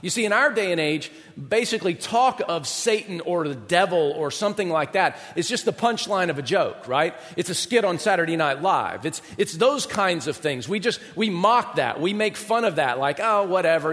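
A pastor with a notably high, fairly bright voice preaches expressively at normal speed, his words ringing with the long reverb of a large hall. He addresses the congregation in a chatty, conversational way, often posing rhetorical questions.

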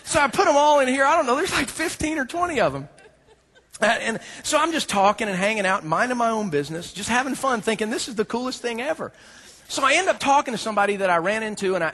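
Before bringing in scripture, a pastor opens his sermon with a comic personal anecdote, laughing a lot and performing the dialogue. His voice is high and his delivery fast and animated.

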